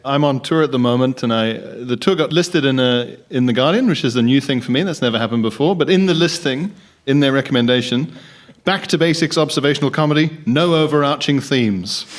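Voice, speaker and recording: A man's voice: mid-range voice, a little fast. Dry-toned male comedian. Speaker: comedian, panelist. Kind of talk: comic anecdote.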